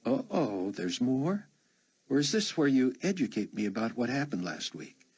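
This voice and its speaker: A man's voice: medium pitch, big pitch swings, moderate pace, a little mellow, slightly rough, voice pushed up. A man voicing a hurt, guarded grown woman in conversation. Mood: wary.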